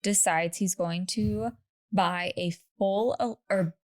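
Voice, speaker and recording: A woman's voice: mid-range voice, takes it slowly. A woman co-hosting a podcast, telling a true story in casual chat with laughing asides and lots of "like".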